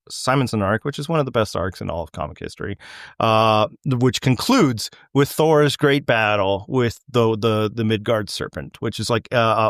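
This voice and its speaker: A man's voice: mid-range voice, clean tone, no echo, clean studio sound. A middle-aged man with a Canadian accent, hosting a casual podcast chat in a loose, rambling way that wanders mid-sentence. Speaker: podcast host.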